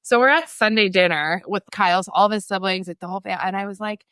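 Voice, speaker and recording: A woman in her thirties telling stories as a photographer guest, chatty and animated, laughing often and acting out what people said. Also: mid-range voice, fast, hardly any pauses, clean tone, dry recording. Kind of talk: casual storytelling interview.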